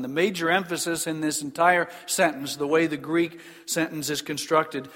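Earnest high-voiced preacher in a reverberant hall. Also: male voice, fairly bright tone. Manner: earnest, emphatic, slows down for key phrases. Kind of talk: sermon. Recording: long reverb of a large hall.

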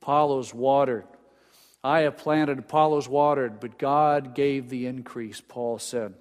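A man's voice: medium pitch, fairly even intonation, measured pace, big-room sound. An older man preaching a sermon as pastor, earnest, often stumbling and repeating words as he builds emphasis, on a pulpit microphone.

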